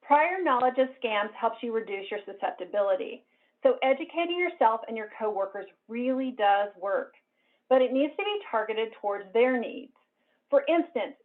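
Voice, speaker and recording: A woman presenting a cybersecurity talk in a clear, explanatory way. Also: a little high. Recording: narrow phone-like band.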